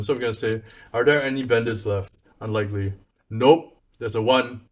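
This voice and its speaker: Low-voiced man narrating a solo tabletop game. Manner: thinks aloud, rolls dice and narrates, with bursts of laughter. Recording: voice a bit far from the mic, faint music behind.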